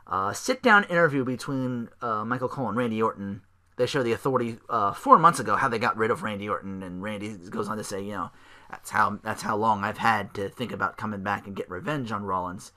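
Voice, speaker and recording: A podcast host alone at the mic rambles through a recap, full of fillers and restarts, in a voice on the low side with a bright, forceful edge. He talks a little fast, staying sarcastic and profane with mocking put-on voices and tired sighs.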